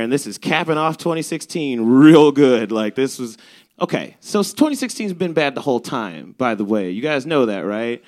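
A young man from Chicago's South Side telling a stand-up story, animated and swearing, acting out quoted lines. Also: mid-range voice, fairly quick. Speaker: stand-up comedian.

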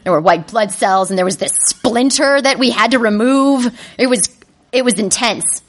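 A woman with a fairly high voice tells a comic personal story to a listening crowd. She is animated and self-mocking, and she jumps into shrill, panicky voices when she acts out her own thoughts. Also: normal speed.

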